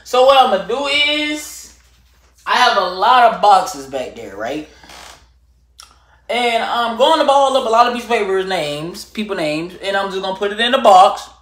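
A young man telling a storytime vlog to camera, animated and slangy, swinging from loud rants to low muttering. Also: moderate pace, reverberant. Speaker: vlogger.

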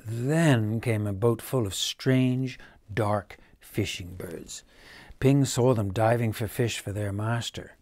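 A man reading a children's bedtime story aloud, gentle and dropping to a hush at quiet moments. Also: fairly low pitch, takes it slowly, no room sound.

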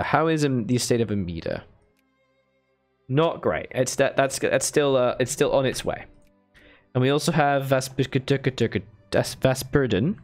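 A man live-streaming a strategy game, thinking aloud in a chatty way and thanking viewers with bursts of enthusiasm. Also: medium pitch. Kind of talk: casual live-stream commentary.

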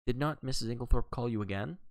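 A man reading aloud and voicing a brisk, precise middle-aged male detective questioning a witness. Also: medium pitch, no echo, natural voice. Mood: probing. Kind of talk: audiobook character reading.

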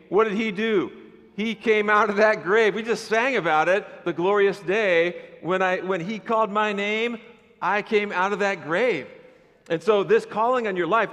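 A man preaching a sermon as pastor, animated and conversational, with playful asides to the congregation. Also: high voice, long reverb tail. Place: church sanctuary.

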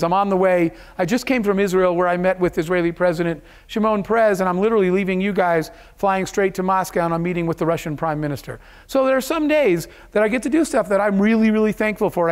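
A man giving a motivational keynote speech to an audience, telling stories in an earnest, emotional way. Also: high-pitched. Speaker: keynote speaker. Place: event hall.

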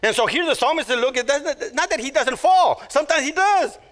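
Animated, high-pitched male preacher. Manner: emphatic, repeats phrases, slows down to stress words; acts out little quoted voices. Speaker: pastor. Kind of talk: sermon.

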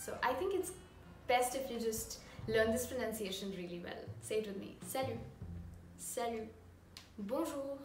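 A woman teaching beginner French, upbeat and slowing down to model each pronunciation. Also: a little high, darkish tone, distant mic. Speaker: language teacher. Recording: roomy echo, off-mic, audible room noise.

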